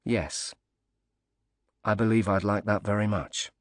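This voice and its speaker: A grateful, emotional British father, as a man reads him in an audiobook. He speaks softly and earnestly in a low voice. The recording is dry and close. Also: fairly even intonation, measured pace, dry recording, natural voice. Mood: moved. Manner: earnest, soft-spoken, moved.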